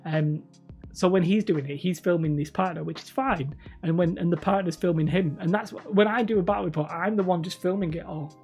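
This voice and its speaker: A woman with a slight lisp hosts a rambling casual livestream, reading chat and talking with viewers. Her voice is lowish, a little fast and a little mellow, with soft music in the background. She rambles, corrects herself and laughs often.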